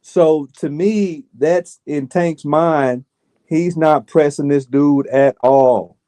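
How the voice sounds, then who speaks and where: A man co-hosts a casual sports chat, hammering his points home by repeating them. His voice is a little higher than most men's and has a mellow, dark tone. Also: takes it slowly, dry recording. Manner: emphatic, repeats himself for weight. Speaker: podcast co-host.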